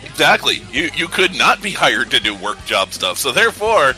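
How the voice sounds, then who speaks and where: A man's voice: medium pitch, sing-song, normal speed, bright, forceful tone, faint music behind, rough recording. A man co-hosting a casual podcast, upbeat and opinionated, ranting about his takes. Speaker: co-host.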